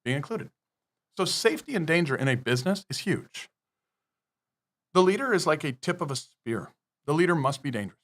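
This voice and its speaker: Male podcast guest, a bit high-pitched, emphatic and profane, lecturing style. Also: sing-song, fairly quick, long pauses, fairly bright tone. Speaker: business guest. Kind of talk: podcast interview.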